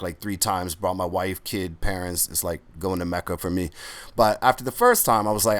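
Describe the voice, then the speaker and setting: A man, a podcast guest, telling relaxed, rambling anecdotes in casual talk with many fillers. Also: deep voice, no room sound. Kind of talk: casual storytelling in a podcast interview.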